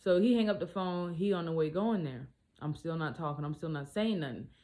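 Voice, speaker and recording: Blunt, animated woman telling a story. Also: deep voice, brisk. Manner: animated, blunt, swears freely. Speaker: single mom vlogger. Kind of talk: casual storytime.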